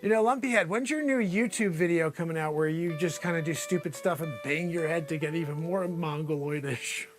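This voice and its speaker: A man's voice: on the high side, brisk, few pauses, soft background music. A man hosting an improvised comedy news spot, rambling and teasing in a mock-anchor delivery. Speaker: comedy news show host.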